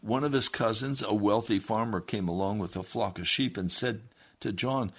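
Male preacher, low voice, earnest storytelling sermon with direct exhortation. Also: normal speed, breathy edge. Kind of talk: sermon with a first-person story reading.

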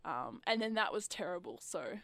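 A young woman chatting casually on the radio, full of "like" fillers and quick impressions of customers. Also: lowish voice, sing-song, vocal fry, a bit bright, no room sound. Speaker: guest.

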